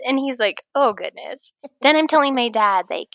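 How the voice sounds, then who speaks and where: Woman guest laughing through her story, kinda high voice, dry close sound. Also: a little slow, dry recording. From Oregon. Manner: animated, laughing, acts out her own shouting. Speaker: guest writer. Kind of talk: casual storytelling chat.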